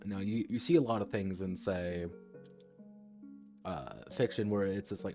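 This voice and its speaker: A man's voice: deep voice, fairly even intonation, a little slow, pauses often, dark tone, soft background music. A man streaming a casual talk about tabletop game design, rambling and digressive as he thinks aloud. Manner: rambling and digressive, slips into quoted voices.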